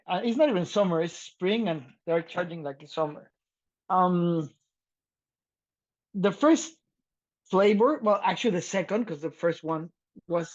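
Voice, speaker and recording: A man co-hosting a podcast, talking loudly and excitedly in casual chat and laughing often, with a slight lilt. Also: high-pitched, muffled recording. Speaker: podcast co-host.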